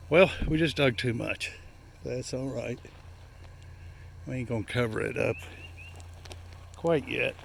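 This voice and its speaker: A folksy man chatting to his viewers as he walks across rough ground. His voice has a strong gravelly fry. He is recorded outdoors on a handheld camera, with clear noise around him. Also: mid-range voice, sharp tone. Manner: folksy, talks to viewers while walking over rough ground. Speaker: vlogger. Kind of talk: casual walking vlog. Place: outdoors at a rural building site. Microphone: handheld camera while walking.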